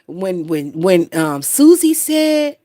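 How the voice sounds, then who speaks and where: A woman's voice: fairly low pitch, very animated, takes it slowly, mellow, no room sound, studio quality. A woman in her twenties hosting a casual gossip livestream, brash and profane, reading out viewer comments and laughing often. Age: 20s. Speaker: gossip channel host.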